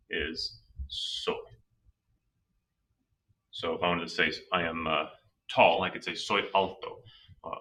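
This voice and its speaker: A man teaching a slow, patient language lesson, talking through each step of his reasoning. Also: low voice, bright, forceful tone, recorded from a distance, poor audio. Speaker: Spanish teacher.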